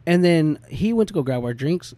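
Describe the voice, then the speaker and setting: A man's voice: fairly high pitch, expressive, normal speed, warm tone, no room sound. A man co-hosting a casual chat, rambling with lots of filler words and swearing. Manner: rambling, profane, full of "I mean" and "like".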